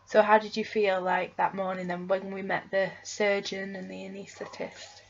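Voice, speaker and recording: A woman's voice: mid-range voice, monotone, moderate pace, vocal fry. Woman chatting on a home vlog, rambly with ums and tag questions, lo-fi audio. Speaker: vlogger. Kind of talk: casual chat.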